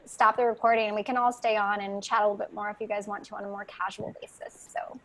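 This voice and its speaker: Relaxed woman hosting a video call. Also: medium pitch, quick pace. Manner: relaxed, laughs easily. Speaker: event host. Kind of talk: casual hosting.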